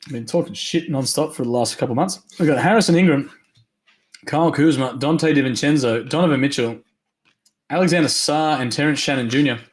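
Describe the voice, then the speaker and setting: A man hosting a live trading card break, rattling off names quickly and upbeat, his voice going hoarse. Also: mid-range voice, noisy background. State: losing his voice.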